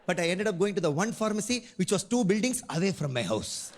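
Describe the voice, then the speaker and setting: A man doing animated stand-up storytelling on stage. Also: high-pitched, fast talker, long reverb tail, a little hiss or hum. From India. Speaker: stand-up comedian. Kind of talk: stand-up comedy.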